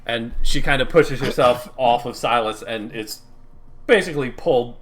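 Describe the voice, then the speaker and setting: A man running a tabletop role-play session, describing scenes loosely with many fillers. His voice is bright and mid-pitched, casual and unhurried. He narrates at length to the table. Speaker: game master.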